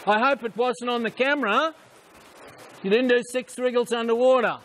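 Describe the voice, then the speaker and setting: A man coaching swimmers at a pool, calling out short repeated instructions and quick praise. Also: very high voice, fairly bright tone, a little hiss or hum. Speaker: swim coach. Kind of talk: poolside coaching commands.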